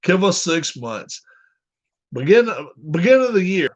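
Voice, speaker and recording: A man's voice: a little high, lively intonation, moderate pace. A man chatting casually with his viewers, rambling and joking as he reads their comments aloud. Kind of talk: casual chat. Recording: dull lo-fi recording.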